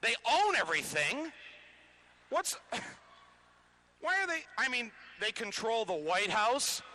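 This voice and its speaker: Speaking slowly in an extremely high, sharp voice with big pitch swings, plus a little hiss or hum, a touring man addresses a live audience. Via an amplified stage microphone at a public lecture venue, he gives a chatty, joking political talk with comic asides, many restarts and small chuckles between points.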